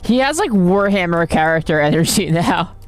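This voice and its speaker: A woman's voice: mid-range voice, lively intonation, moderate pace, faint music behind. A woman streaming a game, chatting casually and joking with viewers.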